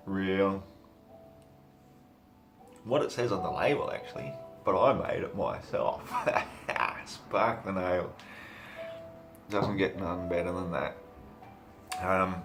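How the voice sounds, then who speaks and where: An Australian man giving a crude, rambling comic monologue to camera, swearing freely with deadpan humor. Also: sits low. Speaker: vlogger.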